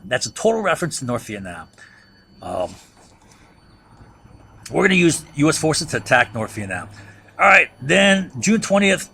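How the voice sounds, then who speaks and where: Gravelly-voiced man lecturing on history. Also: fairly high pitch, bright, forceful tone. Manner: keeps checking in with rhetorical "right?"; restarts and repeats words as he thinks aloud. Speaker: history teacher. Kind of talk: conversational lecture.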